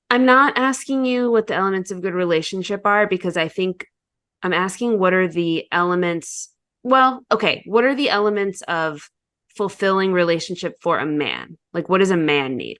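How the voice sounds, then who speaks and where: A woman interviewing a guest in a relaxed, chatty way. Her voice sits a little low, but she jumps up in pitch when excited and peppers her talk with fillers. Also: normal speed. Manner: animated, filler-heavy, enthusiastic. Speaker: podcast host. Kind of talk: conversational interview.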